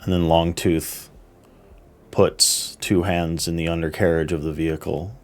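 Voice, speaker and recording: A man narrating as game master in a slow, measured, descriptive way. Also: low-pitched, level tone.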